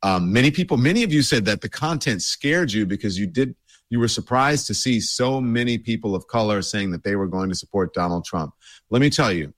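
Man, low voice, scratchy throat, rambling casual host talk, dry close sound. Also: brisk, no echo. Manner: loose and rambling, many fillers. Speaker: show host. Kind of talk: casual address to a livestream audience.

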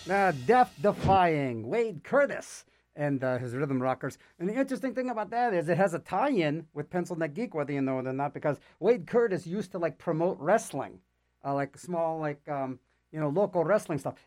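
A man's voice: high voice, expressive, normal speed, a little mellow. A man hosting a radio show, chatting casually between records and reading public service announcements with rambling, jokey asides and lots of fillers.

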